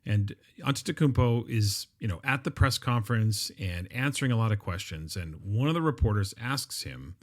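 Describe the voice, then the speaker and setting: A middle-aged man hosts a podcast on his own, speaking in a fairly low voice. He talks in a relaxed, conversational way, with plenty of ums and uhs between his thoughts. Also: moderate pace, few pauses. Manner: conversational, with frequent fillers and restarts. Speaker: podcast host. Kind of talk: solo podcast monologue.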